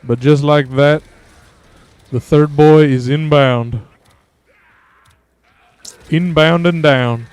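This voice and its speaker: A man's voice: on the high side, fairly even intonation, slow pace, pauses often, darkish tone, clear, resonant tone, no room sound. A man giving casual, profane, self-amused commentary while playing a video game. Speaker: gaming streamer.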